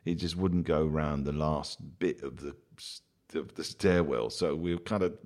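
A comedian guest telling an anecdote in a rambling way, full of fillers and restarts, laughing along. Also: male voice, rumbling low, normal speed, a little mellow. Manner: laughs through his own story. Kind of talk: anecdotal storytelling.

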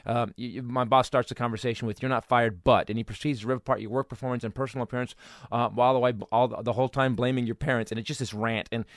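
A man, a comedian guest, telling stories from his life in a rapid, animated way, acting out the people he quotes. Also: mid-range voice, dry recording, studio quality. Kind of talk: casual storytelling.

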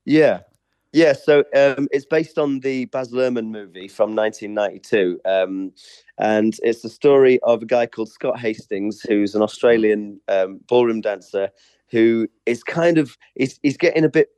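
A man's voice: medium pitch, normal speed, darkish tone, clear, resonant tone, no echo. A man from England, a stage performer being interviewed, chatting casually and laughing easily.

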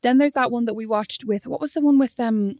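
Young woman, fast talker, teasing, dry close recording. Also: a little high, a little mellow, no echo. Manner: teasing, storytelling with quick quoted voices. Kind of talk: casual chat.

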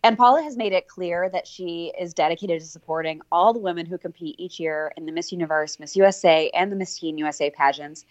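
A woman's voice: on the low side, fairly quick, few pauses, no room sound. Upbeat woman co-hosting a podcast, slightly dull sound. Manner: upbeat, casual, talks to listeners directly. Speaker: podcast co-host. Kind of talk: casual podcast chat.

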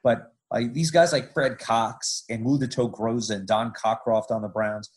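A man's voice: medium pitch, normal speed, low-quality recording. Man telling sports history with jokes. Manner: lively storytelling with joking asides. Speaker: sports podcast host. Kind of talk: casual sports history narration.

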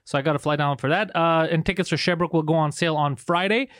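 A man co-hosting a podcast in rapid, profane bursts, acting out little quotes as he tells a story. His voice sits a little high and moves quickly. The close mic sounds dry. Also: fairly bright tone, clean tone, no echo. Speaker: podcast co-host. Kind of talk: casual podcast chat.

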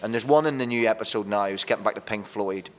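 A man, a radio presenter talking as a podcast guest, telling lively, rambling stories with casual swearing. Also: lowish voice, quick pace, long reverb tail. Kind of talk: casual chat.

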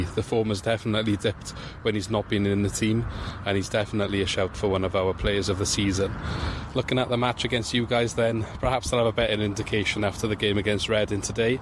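A man guesting on a podcast, giving a measured, even-toned match preview. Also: fairly low pitch, noisy background. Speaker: guest fan from another podcast. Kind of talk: casual podcast chat.

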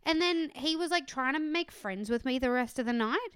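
Animated woman telling stories. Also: high-pitched, normal speed, smooth, dry recording, studio quality. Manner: animated storytelling, voices her own anger loudly. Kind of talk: casual chat.

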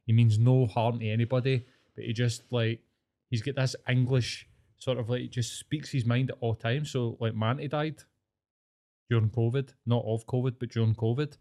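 A Glaswegian Scottish man in his forties co-hosts a relaxed comedy podcast. He tells family stories with salty language and lively impressions of his relatives. His talk is casual and animated. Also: medium pitch, moderate pace. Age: 40s. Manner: sweary, animated storyteller who acts out relatives' lines. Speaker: podcast co-host.

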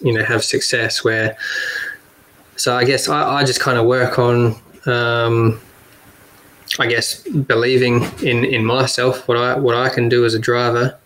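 A man with an Australian accent, a guest kart driver talking casually on a podcast, relaxed and quick to laugh. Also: medium pitch, rough recording. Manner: relaxed, laughs often, repeats words.

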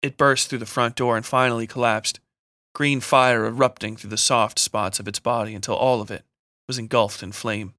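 A man narrating a scripted horror story in a steady, measured reading. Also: medium pitch, no room sound, studio quality.

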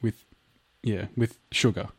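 A man's voice: on the low side, fairly even intonation, takes it slowly, vocal fry, husky, no echo. A young Australian man co-hosting a podcast, talking in a laid-back, wry way with casual swearing. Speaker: podcast co-host. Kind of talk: casual chat.

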